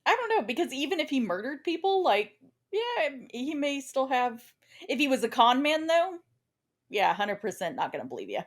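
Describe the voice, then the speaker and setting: A woman's voice: high-pitched, sing-song, moderate pace. A woman co-hosting a podcast in casual chat, reacting with short replies and frequent laughter. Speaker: podcast co-host.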